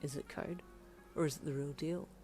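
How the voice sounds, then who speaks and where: Woman voicing a teenage boy, soft, low, teasing, mysterious, faint music behind. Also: level tone, fast talker, gravelly.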